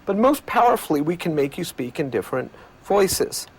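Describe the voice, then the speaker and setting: A male researcher giving measured, lecturing explanations in an interview. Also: fairly high pitch, big pitch swings, husky. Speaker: communication researcher.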